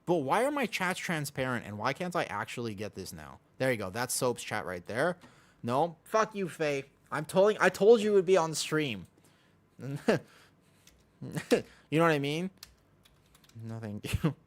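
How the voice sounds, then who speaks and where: A man's voice: a little high, very animated, normal speed. Male game streamer, loose live-stream banter, talks to chat while showing his screen, swears casually, hammers his point home. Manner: casual, profane, explains with emphatic repetition.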